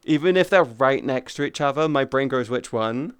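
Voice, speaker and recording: A man's voice: medium pitch, fairly quick, clear, resonant tone, dry recording. A man livestreaming in VR, chatting casually with viewers in crude, profane, joking banter. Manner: greets and thanks chat viewers.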